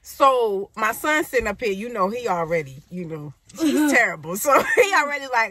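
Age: 30s. Sex: woman. Role: vlogger mom. Style: casual, animated storytelling with lots of laughter and a lively, swooping pitch. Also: moderate pace.

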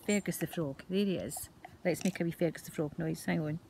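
An older Scottish woman telling a tale to her grandchildren, gentle and animated, drawing them in as she goes. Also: fairly low pitch, fairly quick, creaky, slight background noise. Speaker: grandmother storyteller. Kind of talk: telling a bedtime story to children. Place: home.

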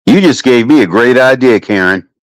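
A man hosting a relaxed home livestream, spinning crude, swear-heavy stories. His pitch at a middle height jumps all over as he talks. The sound is dry and close. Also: moderate pace, dry recording. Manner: crude, profane storytelling with lively swings in pitch. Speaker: livestream host. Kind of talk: casual chat.

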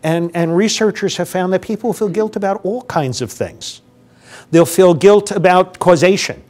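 Older man lecturing, a bit high-voiced. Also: normal speed, darkish tone. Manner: conversational, asks the audience questions and acts out quotes from grievers. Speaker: guest lecturer on grief. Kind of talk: public lecture. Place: lecture room with a live audience.

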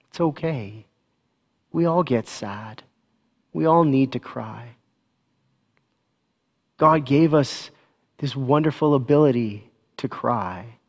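A man serving as pastor, giving church announcements and a gentle, slow children's talk with a prayer. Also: medium pitch.

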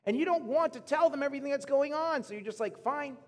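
A man in his thirties, a pastor telling stories in an animated, chatty way as he preaches to his church. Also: very high voice, fast talker. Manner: animated, chatty storytelling to the congregation. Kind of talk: sermon. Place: church auditorium. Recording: long hall reverb.

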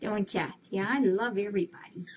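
Cooing lovingly at the cats, a woman speaks a little fast in a mid-range voice on a casual cat-rescue live stream. Faint hiss and dull, muffled lo-fi audio color the recording.

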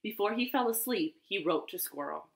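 A woman hosting a children's storytime, reading aloud slowly and expressively from her living room. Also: medium pitch, creaky. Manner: animated, slow and expressive.

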